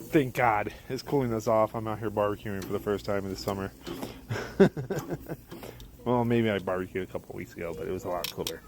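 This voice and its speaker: A man's voice: on the low side, background noise. A man casually telling a long personal story outdoors while barbecuing, rambling and correcting himself, with the odd curse word.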